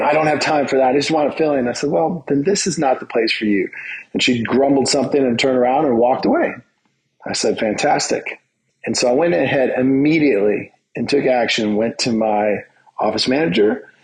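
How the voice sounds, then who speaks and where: A man's voice: medium pitch, moderate pace, low-quality recording. A middle-aged man, a dentist hosting his own show, casually telling a story from his workday and acting out the dialogue. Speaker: dentist and podcast host.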